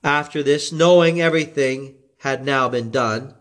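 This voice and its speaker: A man reading scripture aloud in a slow, expressive way. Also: medium pitch. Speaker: scripture reader.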